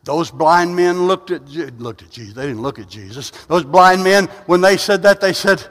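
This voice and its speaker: A man with a high voice preaching a sermon to his congregation. He swings from soft, offhand remarks to loud, climbing, stretched-out declarations. His voice rings with a long hall reverb. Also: expressive. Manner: swings from quiet asides to loud, rising, drawn-out preaching.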